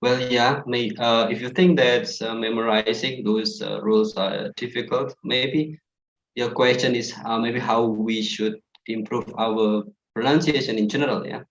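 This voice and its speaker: On an online class call, a pronunciation presenter shares tips in a chatty way full of fillers, using a mid-range voice with fairly even intonation at a measured pace. The audio is dull, typical of online calls, and the room is echoey.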